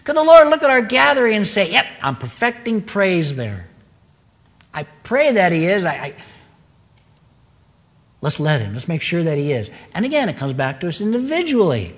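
Guy preaching, earnest, repeats his points, voice a bit high, big echoey church. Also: sing-song, normal speed. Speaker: pastor. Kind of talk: sermon.

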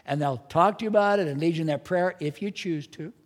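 A man's voice: fairly high pitch, fast. Pastor guy preaching, earnest, punchy emphasis, voice ringing around a big echoey church. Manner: earnest, emphatic, rising to strong peaks. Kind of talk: sermon. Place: church sanctuary. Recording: church hall with long reverb.

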